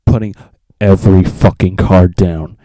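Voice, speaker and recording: A man's voice: low voice, fairly even intonation, a little slow, dark tone, dry recording. A teenage man telling a rambling, profane story in a casual vlog, acting out his friends' lines.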